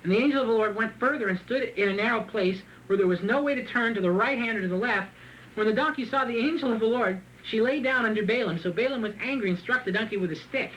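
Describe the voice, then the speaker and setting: A man preaching a sermon, reading scripture and then retelling it in a joking, animated way with frequent laughs. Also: high voice, fast, slight background noise, low-quality recording. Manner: animated, joking, laughs often at his own asides; reads scripture aloud and then retells it in plain talk. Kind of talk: sermon with Bible reading and commentary.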